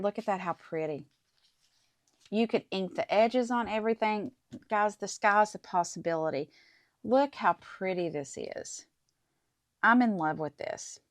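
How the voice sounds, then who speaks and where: A middle-aged woman hosting a casual craft tutorial, chatting to viewers as she works through each step. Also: lowish voice. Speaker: crafting channel host.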